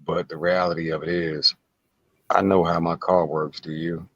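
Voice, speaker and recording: A man's voice: low voice, level tone, moderate pace, breathy edge, dry recording, highs cut off. A man talking as an interview guest, emphatic and casual, repeating words and firing rhetorical questions. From United States.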